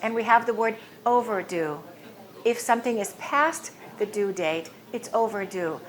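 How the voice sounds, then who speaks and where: Woman teaching pronunciation, slow and clear. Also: mid-range voice, animated, soft background music. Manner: slow, clear modeling of words, repeating each twice. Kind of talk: pronunciation lesson.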